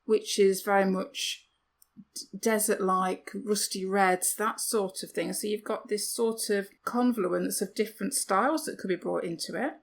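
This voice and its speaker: A woman's voice: medium pitch, steady tone, a little slow, creaky. A woman co-hosting a podcast, chatting casually with self-deprecating asides and rhetorical questions. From United Kingdom. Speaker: podcast co-host. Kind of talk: casual chat.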